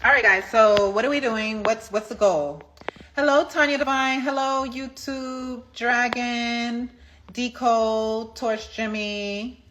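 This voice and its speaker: A woman hosting a casual livestream, chatty and energetic, chanting affirmations in rhythm while she counts out exercise reps. Her voice sits at a medium pitch and comes through a phone mic with faint background noise. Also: slow. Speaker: livestream host.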